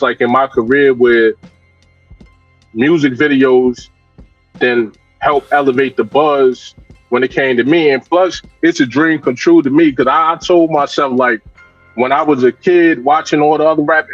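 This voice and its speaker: A man's voice: medium pitch, no room sound. A man, a hip hop and R&B artist, talking candidly and reflectively as a guest in a casual interview, often restarting his sentences. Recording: dull lo-fi dry sound.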